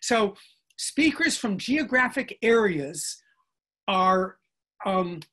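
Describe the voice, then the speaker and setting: A man's voice: sits high, expressive, drawn-out words, bright, forceful tone. An older man, a linguistics professor, lecturing in a professorial, step-by-step way over a video call and checking in with listeners as he explains. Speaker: linguistics professor, guest speaker. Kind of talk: lecturing in a virtual conversation.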